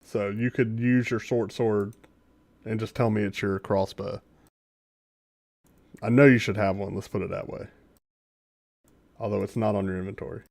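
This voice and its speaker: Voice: low voice, steady tone, normal speed, gravelly, pauses often, a little mellow, dry recording. A laid-back game master running a tabletop game on a live stream, talking casually with slang and frequent laughs.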